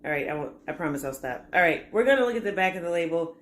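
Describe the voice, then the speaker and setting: A woman's voice: lowish voice, lively intonation, fast. A woman hosting a casual food label review in her kitchen, chatty with jokey asides. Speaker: fitness and nutrition channel host. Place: home kitchen.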